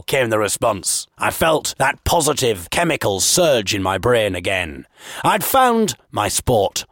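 A man's voice: lowish voice, big pitch swings, unhurried, fairly bright tone, dry recording, studio quality. A man and podcast host giving wry, self-mocking scripted comic narration.

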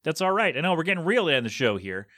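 A man's voice: fairly high pitch, very animated, quick pace, bright, forceful tone, no echo, studio quality. A man hosting his own podcast, rambling casually and jokingly on his own. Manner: chatty, jokey, rambling. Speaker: podcast host.

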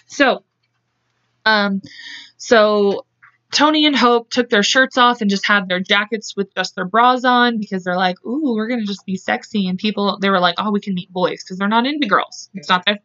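A woman with a bright, forceful, medium-pitched voice speaks at a moderate pace while hosting a home podcast. She relates a true-crime story conversationally, giving the quotes their own voices and laughing frequently. The sound is from a dull, lo-fi podcast mic.

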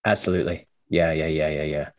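Deep-voiced Australian man, frank. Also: fairly even intonation, brisk. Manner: frank, swears casually, repeats words when starting thoughts. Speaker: guest, memoir author. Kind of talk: candid podcast conversation.

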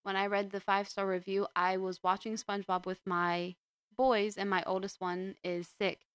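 A woman's voice: medium pitch, level tone, moderate pace, a bit bright, smooth, dry recording. A young woman hosting a podcast, chatting casually and rambling with frequent restarts. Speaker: podcast host. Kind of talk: casual chat.

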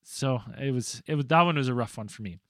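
A young man co-hosting a podcast who tells long, rambling stories in a casual, animated way and swears freely. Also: medium pitch, fast, dry recording, clean studio sound. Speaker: podcast co-host. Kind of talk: casual storytelling.

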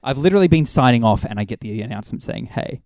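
A man's voice: medium pitch, lively intonation, rapid-fire, darkish tone, no echo, studio quality. A young Australian man co-hosting a casual gaming podcast, chatty and often laughing. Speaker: podcast co-host and streamer.

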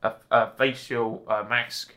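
A man co-hosting a casual film chat, retelling scenes in a halting, chatty way and acting out quoted lines. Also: medium pitch, flat delivery, pushed and bright. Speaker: podcast co-host.

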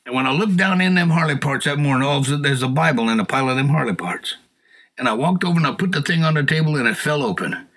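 A man's voice: on the high side, expressive, fast talker. A middle-aged man earnestly telling a personal testimony in a folksy storyteller's way. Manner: earnest, folksy storyteller, rising to shouted appeals. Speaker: guest telling his testimony.

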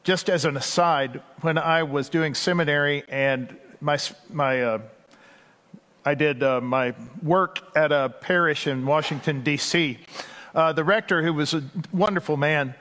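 Folksy Texan pastor, male, fairly high voice, preaching in a big echoing church. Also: fairly bright tone. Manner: conversational, folksy, with asides and quick bursts. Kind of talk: sermon. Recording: long hall reverb.

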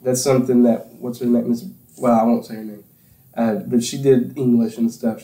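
A young man from Campbell County, Tennessee, chatting on a podcast. He rambles through anecdotes and breaks into laughter often. The room is echoey and his voice sits at a middle pitch. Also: fairly even intonation, normal speed, warm tone. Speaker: podcast host. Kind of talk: casual chat, storytelling.

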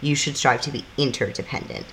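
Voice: mid-range voice, fairly even intonation, fairly quick, fairly bright tone, slight background noise. A podcast co-host, explaining things in loose, casual chat that swears freely and acts out little scenes.

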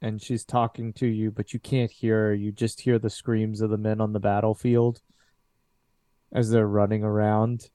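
A man narrating a tabletop horror game as game master, describing scenes in a slow, deliberate way. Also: on the low side, little pitch movement, mellow, no echo.

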